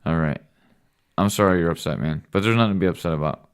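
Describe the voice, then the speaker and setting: A man's voice: low-pitched, fast, smooth. A man talking casually as a father hosting a home podcast with his son, teasing and joking with him. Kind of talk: casual late-night chat.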